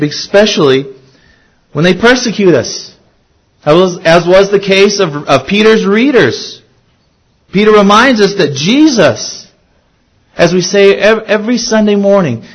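A man's voice: sits high, poor audio. A man preaching a sermon as pastor, earnest, asking his listeners questions and repeating key phrases for emphasis.

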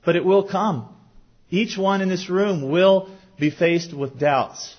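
Man, pastor, sermon, earnest questioning delivery, somewhat high voice, muffled lo-fi recording. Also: takes it slowly. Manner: earnest, asks the congregation questions. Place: church sanctuary. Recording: dull lo-fi recording.

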